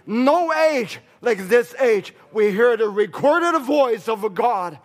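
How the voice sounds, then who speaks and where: High-voiced fervent male preacher. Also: lively intonation, slow. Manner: fervent, repetitive preaching with broken English. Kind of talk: sermon.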